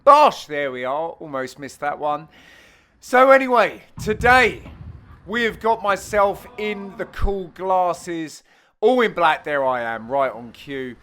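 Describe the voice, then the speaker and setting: A young man, the host, giving cheeky, self-mocking voice-over commentary on highlights of his own amateur match. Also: lively intonation, slow pace, a bit bright. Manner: cheeky, self-mocking banter with frequent laughs.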